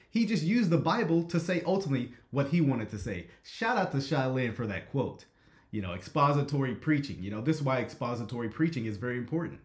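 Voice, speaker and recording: Brief: male live-stream host, conversational and asking "right?", room echo. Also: fairly high pitch. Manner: conversational, frequent "right?" checks, reads chat.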